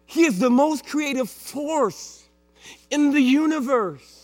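Male pastor, high voice, measured emphatic sermon, humming hall sound. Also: animated, a little mellow, faint music behind. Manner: emphatic, repetitive preaching with playful asides. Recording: long hall reverb with mains hum.

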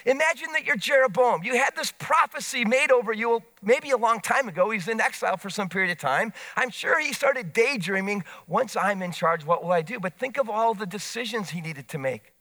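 A man preaching a sermon, retelling scripture in animated storytelling with casual asides. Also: very high-pitched, a little fast, hardly any pauses.

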